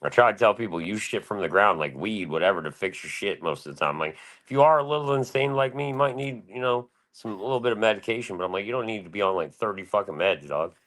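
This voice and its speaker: A man's voice: on the low side, animated, fast, hardly any pauses, fairly bright tone. A man around forty talking in a loose, rambling, profane way on a casual chat stream. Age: 40s. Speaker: panel guest.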